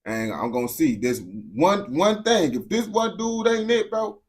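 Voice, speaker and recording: A man's voice: on the high side, lively intonation, a little slow. A young American man streaming to his chat, talking bluntly in heavy slang, often restarting and repeating words. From United States. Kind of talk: casual unscripted rant to viewers.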